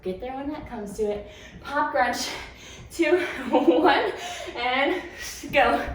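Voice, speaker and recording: Speaking slowly in a high-pitched voice, a woman runs a follow-along home workout as a fitness instructor. She calls out moves, counts down, laughs, and cheers the listener on, at times a little breathless. The audio is very echoey, with a distant mic and faint background noise.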